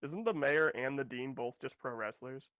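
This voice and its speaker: A man's voice: medium pitch, normal speed, noisy background. A man playing an online tabletop game, cracking playful jokes in casual banter. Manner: playful, wisecracking. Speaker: player.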